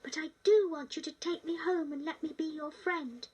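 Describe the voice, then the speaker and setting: Brief: funny little green frog, voiced by a woman, croaky, British, boyish. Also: sits high, fairly even intonation, normal speed, darkish tone, distant mic, natural voice, poor audio. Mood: friendly. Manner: croaky, ribbiting.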